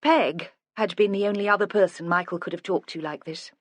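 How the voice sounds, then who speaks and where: A measured audiobook narrator reading a crime novel in an even, unhurried manner. The voice sits mid-range and is recorded close and dry, with no room sound around it. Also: mid-range voice, no room sound. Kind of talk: scripted narration.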